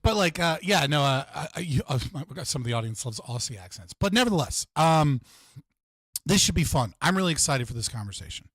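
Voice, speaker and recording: A man's voice: on the high side, sing-song, fairly quick, fairly bright tone, dry recording, studio quality. Rambling young American man hosting. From United States. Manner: rambling, heavy on fillers like "like". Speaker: livestream host. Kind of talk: casual chat.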